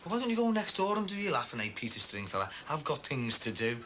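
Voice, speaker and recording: An actor plays a resentful, sarcastic man who grumbles about money. He talks quickly, his slightly high voice jumping up and down. The sound is a noisy TV broadcast. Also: very animated, lightly acted.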